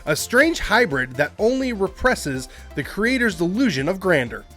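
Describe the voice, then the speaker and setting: A man's voice: sits high, sing-song, moderate pace, fairly bright tone, soft background music. A man hosting a movie trivia podcast, reading quotes aloud and adding casual asides. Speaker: quiz podcast host.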